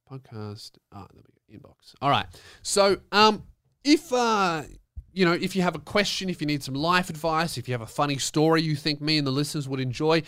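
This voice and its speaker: Smooth-voiced profane podcast host. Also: male voice, medium pitch, fairly bright tone, no room sound, clean studio sound. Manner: profane, rambling, mock-indignant. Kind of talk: casual solo podcast rant.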